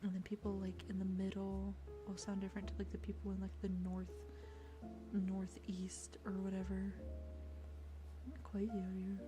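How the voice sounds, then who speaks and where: A woman with an American accent, chatting with viewers in an ASMR stream, soft-spoken and partly whispered. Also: medium pitch, completely flat delivery, normal speed. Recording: music playing behind.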